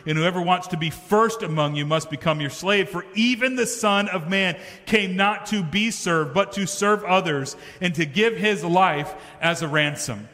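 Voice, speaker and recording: In a church sanctuary, a pastor delivers a sermon, his high, bright voice ringing through long hall reverb at a moderate pace with few pauses. He addresses the room conversationally, driving his points home with rising emphasis.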